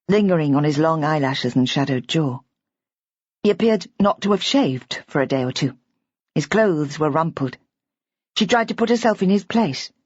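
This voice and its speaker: A woman narrates a mystery audiobook in a measured, even way. Her voice sits low and husky. The recording is dry and slightly muffled. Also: dry recording. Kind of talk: scripted narration.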